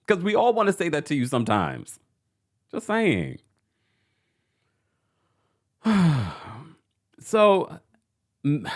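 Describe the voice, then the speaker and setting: A man hosting a livestream recap of a reality show, talking in a sassy, animated way and addressing the cast members directly. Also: on the high side. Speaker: podcast host.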